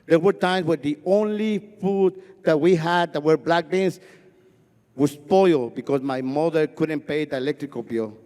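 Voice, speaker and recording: High-voiced storyteller in a hall. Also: male voice, moderate pace. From Guatemala. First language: Spanish. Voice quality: stutter. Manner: expressive, repetitive storytelling rhythm. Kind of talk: live stage storytelling. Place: festival stage. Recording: long hall reverb from a live stage.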